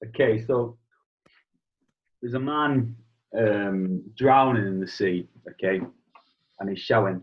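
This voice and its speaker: A young man with a British accent chats casually as a guest, loose and talkative with the odd swear word. His voice is husky and of middling pitch. The recording sounds dull and lo-fi. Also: moderate pace, pauses often. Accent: British English. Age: young adult. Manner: chatty, swears casually, animated storytelling. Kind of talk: casual chat.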